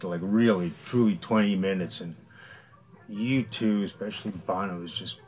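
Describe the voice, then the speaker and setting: Low-voiced man rambling through band stories. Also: normal speed, darkish tone, poor audio. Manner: rambling, profane, laughs through anecdotes. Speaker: former band member interviewee. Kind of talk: casual storytelling interview.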